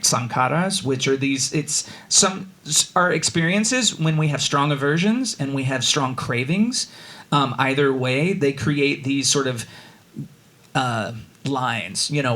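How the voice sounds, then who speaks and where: A man speaking from the front of a church in a relaxed, conversational sermon. His voice sits in an ordinary middle pitch. He rambles loosely with plenty of fillers and restarts, and he drops into little voiced asides of his own thoughts. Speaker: guest speaker. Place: church sanctuary.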